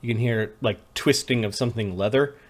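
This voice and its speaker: A man's voice: mid-range voice, a little fast. Laid-back male game master. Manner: casual, laughing, loose narration. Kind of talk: narrating a tabletop game.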